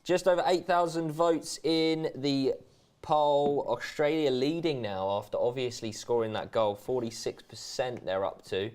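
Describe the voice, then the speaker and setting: A man's voice: mid-range voice, measured pace, darkish tone, smooth. A man co-hosting a casual football watchalong, reading out viewer comments, chatty and laughing often. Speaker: co-host reading viewer chat. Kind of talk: casual chat during a match watchalong.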